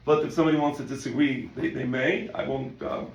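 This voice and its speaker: Gravelly-voiced male rabbi teaching in an echoey room. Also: mid-range voice, fairly quick. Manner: conversational, repeats words, quotes in animated voices. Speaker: rabbi teaching a Talmud class. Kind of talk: casual Talmud lesson.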